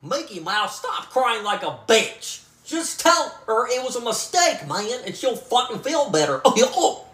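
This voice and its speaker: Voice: mid-range voice, big pitch swings, a little slow, few pauses, a bit bright. A performer doing a blunt, dopey cartoon dog. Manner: blunt, crude. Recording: echoey room recording.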